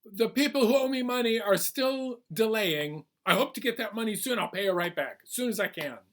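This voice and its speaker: A man's voice: high voice, fairly bright tone, voice pushed up. A man voicing a lazy, sly male spider trickster in a children's storytime, talking his way out of debts. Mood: evasive. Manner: wheedling, fast excuses.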